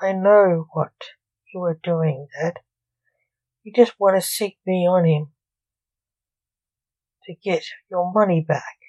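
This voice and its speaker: A woman's voice: on the low side, slow, long pauses, warm tone, lo-fi sound. A woman reading as an irritable male necromancer. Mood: defiant. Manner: snappish, defiant.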